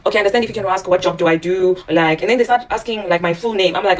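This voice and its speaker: A woman tells a personal story at a quick clip, acting out what each person said. Her voice sits in a middle range for a woman. She is slightly off the mic, so her voice sounds a touch distant. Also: medium pitch. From South Africa. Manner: animated, acts out the dialogue in her story. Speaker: teacher living in Japan. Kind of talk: storytelling vlog.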